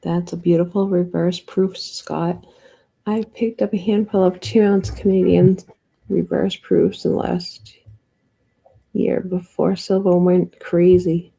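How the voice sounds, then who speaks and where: A woman with a low, gravelly voice hosts a casual livestream chat. Her tone is mellow and dark, and she laughs easily between remarks. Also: level tone, takes it slowly. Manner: chatty, laughs often. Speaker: livestream host.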